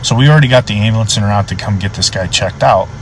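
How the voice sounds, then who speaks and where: A young adult man, a police officer, telling a story with animated delivery and lots of swearing. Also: fast, a little hiss or hum, low-quality recording. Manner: animated, swears freely, voice jumps high when excited. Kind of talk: profane storytelling.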